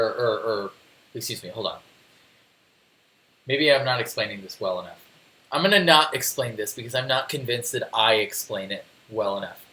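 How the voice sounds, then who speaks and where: A man's voice: medium pitch, a bit bright, echoey room, poor audio. A man casually walking viewers through a phone tutorial on a live stream, rambling and answering chat. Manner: chatty, rambling, reads chat aloud, restarts often. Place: home desk.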